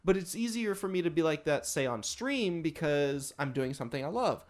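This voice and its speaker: A man co-hosting a relaxed podcast, talking with a lively, swooping voice that sits a bit high for a man. He rambles and restarts his sentences as he works through his ideas. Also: moderate pace. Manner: animated, rambling with many restarts. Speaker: podcast co-host, streamer. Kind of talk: casual chat.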